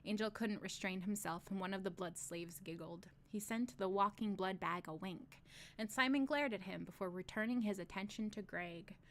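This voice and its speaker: Give me a woman reading a novel aloud on stream, steady but with joking asides. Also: mid-range voice, normal speed. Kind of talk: casual read-aloud with asides.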